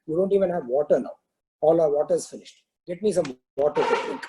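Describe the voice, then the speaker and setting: A man's voice: on the high side, quick pace, warm tone, close to an everyday voice. A man voicing an angry, frustrated king who scolds and makes demands, within a told parable.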